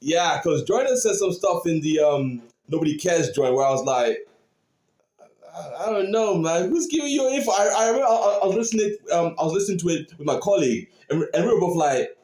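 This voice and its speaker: A man talks through his reaction in an excited, casual way, his voice rising and falling a lot and sitting a bit high. He laughs often and keeps asking "you know what I mean". The sound is roomy, with a clear echo. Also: a little fast. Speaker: reaction video host.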